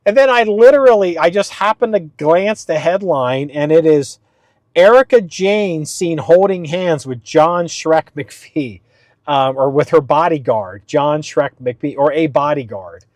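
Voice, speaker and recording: A man hosting his own podcast in a casual, rambling way, with frequent fillers and restarts, pitching his voice up a little for the show. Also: a little slow, a little mellow, dry recording. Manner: talks slightly up for the podcast. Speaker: podcast host. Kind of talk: casual solo podcast talk.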